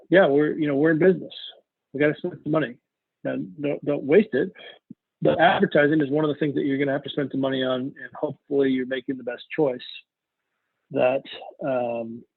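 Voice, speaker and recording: A man's voice: a little high, no room sound. A man teaching real estate investing in a live online seminar. He talks casually and rambles, often stopping to correct himself. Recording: tinny phone-like dry audio.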